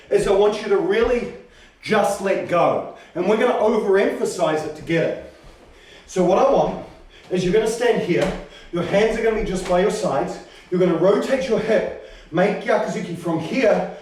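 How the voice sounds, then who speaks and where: A man teaching a karate class, explaining technique and calling out sharp commands as he demonstrates. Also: high-pitched. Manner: demonstrative, shouts sharp counting calls. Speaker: karate instructor. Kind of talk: teaching a martial arts class. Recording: roomy training hall, voice from far off.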